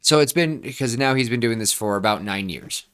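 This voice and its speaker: Rambling, excitable young podcast man. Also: mid-range voice, a little fast, clean tone. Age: 20s. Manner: rambling, excitable, many restarts. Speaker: podcast co-host. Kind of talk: casual brainstorming chat.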